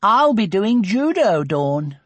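A man voicing a bossy, blunt young schoolgirl in an audiobook, with a husky edge. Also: high-pitched, big pitch swings, slow, a bit bright, no room sound, voice pushed up, exaggerated voice. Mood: scheming. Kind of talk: audiobook character reading.

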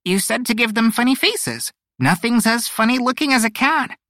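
A man's voice: very high voice, level tone, moderate pace, bright, forceful tone, dry recording, clean studio sound, pitched above the performer's own voice. A man voicing a sweet, simple-minded female bird in a storybook reading, earnest and proud.

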